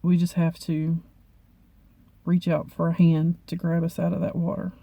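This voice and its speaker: A woman vlogger talking to camera in a halting, heartfelt way, often repeating herself. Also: lowish voice, level tone, creaky, mellow, no room sound. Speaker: beauty vlogger. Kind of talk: personal talk to camera.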